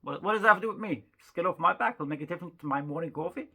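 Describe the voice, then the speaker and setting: A woman's voice: fairly low pitch, racing, pushed and bright, slightly rough. A woman doing rambling, self-mocking stand-up storytelling, chatty with frequent asides. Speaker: stand-up comedian.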